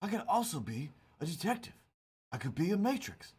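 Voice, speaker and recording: Man putting on a raspy, sing-song dopey bro cat, cartoon-goofy and full of himself. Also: high-pitched, big pitch swings, brisk, darkish tone, pitched above the performer's own voice, exaggerated voice. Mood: boastful. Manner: goofy, self-assured bro talk.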